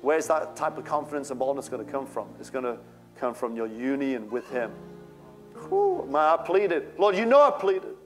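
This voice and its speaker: A man's voice: medium pitch, big pitch swings, normal speed, faint music behind. A male pastor preaching a sermon with fervent, rising outbursts.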